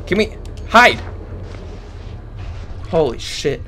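A man playing a horror game on camera, talking through it with constant swearing and frightened shouts. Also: on the high side, very animated, very slow, slight background noise. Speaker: gaming YouTuber. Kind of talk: horror game playthrough commentary. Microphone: webcam setup with face cam.

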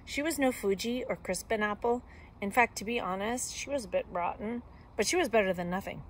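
Expressive woman reading a storybook aloud. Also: mid-range voice, a little fast, a little hiss or hum. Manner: expressive, with soft whispered asides. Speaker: teacher.

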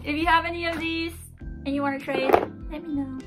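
A young woman with an excited, giggly way of talking, chatting casually as she unboxes a mystery box for her channel. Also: high voice, brisk. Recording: background music.

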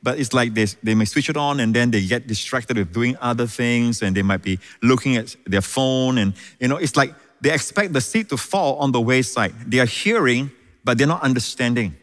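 A man's voice: medium pitch, normal speed. A man preaching a sermon as pastor, emphatic, repeating key phrases and often exclaiming praise. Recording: reverberant hall.

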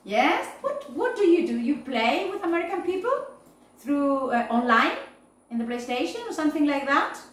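Slow, high-voiced teacher in an echoey room. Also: female voice, very animated, distant mic. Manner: slow, repeating "yes?" and "okay?" to check understanding. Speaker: English teacher. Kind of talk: online class feedback.

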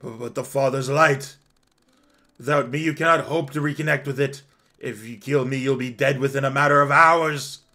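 Brief: man voicing a cornered angel councilman, shrill and stammering, bright tone. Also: steady tone, measured pace. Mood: panicked pleading. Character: panicked male angel council member, desperate.

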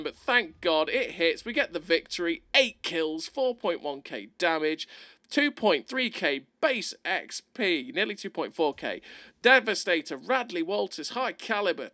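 Man, high voice, sharp tone, excitable game commentary, playful, dry close mic. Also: normal speed, no room sound. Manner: excitable, playful, laughs often. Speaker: gameplay commentator.

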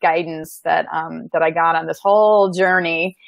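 A woman in a casual conversation, telling a personal story in an animated, earnest way and encouraging listeners on a spiritual path. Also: deep voice, normal speed, gravelly, no echo, lo-fi sound. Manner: animated storyteller, acts out quoted voices. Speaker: medium and show host.

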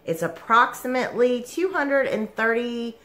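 A woman's voice: a little high, unhurried, a bit bright. Giggly gushing woman. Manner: gushing, giggly, lots of "like" and "oh my goodness". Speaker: yarn vlogger. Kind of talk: excited unboxing haul vlog.

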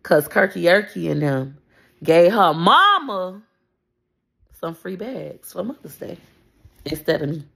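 Animated woman ranting to her followers. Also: on the low side, slow, gravelly, long pauses, breathy edge. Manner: animated, profane, repeats herself when upset; addresses her followers directly. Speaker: content creator. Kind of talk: casual ranting vlog.

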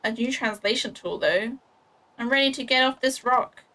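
Her pitch is fairly high and her tone sharp, delivered at normal speed. The speaker is a young adult woman streaming a game, casually chatting to herself and her viewers while laughing at her own clumsy play.

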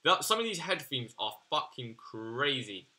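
A man's voice: mid-range voice, very animated, measured pace, sharp tone. A young man giving casual, exasperated gaming commentary, swearing and slangy as he reacts. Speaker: gaming YouTuber.

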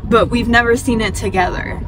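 A woman's voice: on the high side, fairly even intonation, brisk, music in the background. A young woman, rambling through a story in a casual car chat, giggling often. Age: young adult. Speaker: vlogger. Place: parked car. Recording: noisy car interior.

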